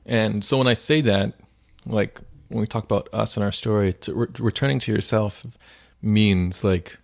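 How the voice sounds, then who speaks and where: A man's voice: on the low side, fairly even intonation, normal speed, vocal fry. A man co-hosting a faith podcast, retelling stories in a rambling, casual way with lots of "like.". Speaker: podcast co-host.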